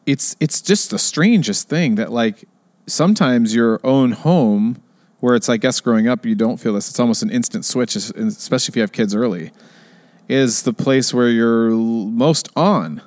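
A man's voice: moderate pace, dry recording, clean studio sound. A middle-aged man co-hosting a podcast, chatting casually and animatedly, acting out other people's lines. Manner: animated, acts out quoted voices in a higher pitch. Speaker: podcast co-host. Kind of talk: casual chat.

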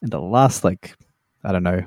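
A man with a fairly low, mellow voice chats in a laid-back, opinionated way and uses many fillers. The sound is dry, with no room echo. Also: moderate pace. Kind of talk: casual chat.

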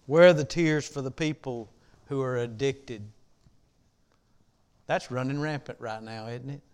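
In a church sanctuary, a middle-aged man preaches, returning to one question like a refrain as he climbs from quiet reflection to impassioned shouting. His mid-range voice is unhurried and clean.

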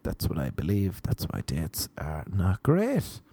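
A man's voice: deep voice, huge pitch swings, unhurried, dark tone, breathy edge, no echo. A young Irish man doing a rambling, sardonic stand-up comedy routine. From Ireland. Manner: rambling, sardonic observational storytelling.

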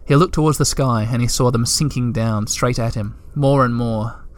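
A man reading a storybook aloud as narrator, at a steady, gentle pace. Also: mid-range voice, normal speed.

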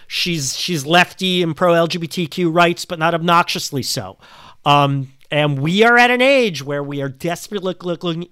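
Podcast co-host, male, slightly high voice, bright and crisp, opinionated and talkative. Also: no echo, studio quality. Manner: opinionated, builds a long argument. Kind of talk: casual chat.

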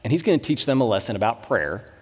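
A man in his thirties, a pastor, giving a sermon with conversational, animated storytelling. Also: medium pitch, fast talker, slightly rough. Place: church sanctuary. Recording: long reverb in a church hall.

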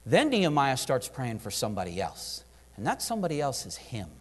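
A man preaching a sermon, animated, acting out prayers and dialogue in different voices. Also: medium pitch, a little fast. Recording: long hall reverb.

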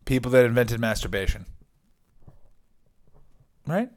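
A man rants as a comic podcast host, loud and excitable. He swears freely and jumps from one topic to the next. His voice sits at an everyday pitch. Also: a little slow. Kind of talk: comic rant. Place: hotel room. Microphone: video call microphone.

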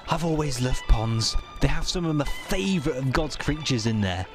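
A man's voice: medium pitch, expressive, moderate pace, lightly acted. A man voicing a pious, naive, prim young man who gushes with devotion and panics easily, from an audio drama clip. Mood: delighted. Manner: prim and effusive, rising to panicked squeals. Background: music.

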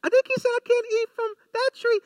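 A man doing a high, timid Eve voice. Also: level tone, brisk, no room sound. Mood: hesitant. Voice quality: high falsetto put-on voice. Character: young woman Eve, unsure and timid.

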